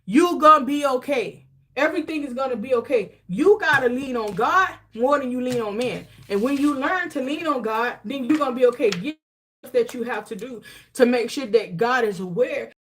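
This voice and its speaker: A woman's voice: fairly high pitch, expressive, moderate pace. A woman giving a casual spiritual tarot reading, emphatic and repetitive as she hands out advice in loose, slangy talk. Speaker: tarot reader and spiritual coach.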